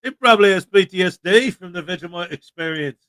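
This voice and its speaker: A man hosting a casual livestream chat, joking and animated with sudden loud bursts. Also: high-pitched, fairly quick. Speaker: livestream host.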